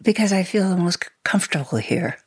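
A woman in her eighties, originally from Sweden, reminiscing softly in an interview, halting and laughing often. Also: on the low side, expressive, breathy edge, no echo. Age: 80s. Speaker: interview guest. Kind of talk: reminiscing conversation.

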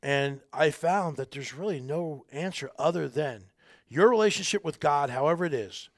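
A middle-aged army veteran speaking as a podcast guest, earnest, rambling and folksy, with a gravelly voice. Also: male voice, a little high, lively intonation, normal speed, no echo, clean studio sound. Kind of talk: casual interview talk.

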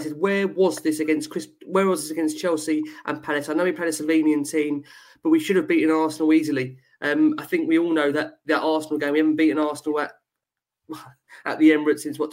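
A man hosting a podcast discussion, briskly steering the panel and putting questions to guests. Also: a little high, flat delivery. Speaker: podcast host.

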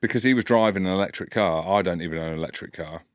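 A deep-voiced man in his forties spins a long anecdote on a podcast, easygoing but animated. When he acts out a quarrel he gets loud and climbs high. The sound is close and dry, with no room around it. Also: racing, no echo. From Scotland. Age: 40s. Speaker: podcast co-host, rugby commentator. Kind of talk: casual chat, storytelling.

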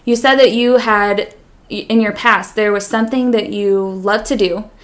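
A woman's voice: mid-range voice, fairly even intonation, a little slow. A woman co-hosting a faith podcast, talking earnestly and leading the discussion in casual chat. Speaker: podcast co-host.

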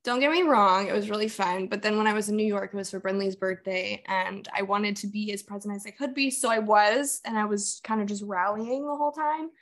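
A woman's voice: medium pitch, fairly quick, hardly any pauses. Young woman, podcast co-host, loose chatty storyteller who swears freely. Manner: chatty storyteller, swears, says "like" and "literally" a lot. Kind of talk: casual chat.

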